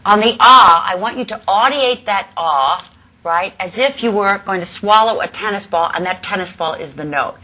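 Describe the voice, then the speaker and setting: A woman's voice: mid-range voice, sharp tone. A woman vocal coach giving a singing lesson, explaining exercises and demonstrating them. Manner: demonstrative, sings exercise syllables between explanations.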